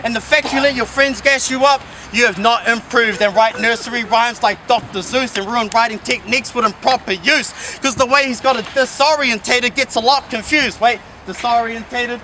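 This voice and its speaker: A man's voice: very high voice, moderate pace, few pauses, pushed and bright, a little hiss or hum. A young man spitting an aggressive, mocking battle rap verse outdoors by a skate park. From New Zealand. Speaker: battle rapper.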